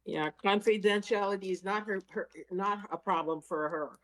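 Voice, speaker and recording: A woman's voice: mid-range voice, moderate pace, a bit bright, poor audio. A woman co-hosting a podcast, adding short remarks and agreeing while her co-host recaps an episode. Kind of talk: casual chat.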